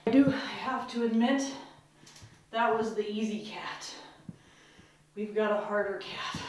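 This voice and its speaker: High-voiced woman in an echoey bathroom. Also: a little slow, long pauses, a little hiss or hum. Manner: chatty, talks soothingly to her cats. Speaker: vlogger. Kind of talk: casual self-filmed home video chat. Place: bathroom at home. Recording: echoey tiled bathroom, camera far off.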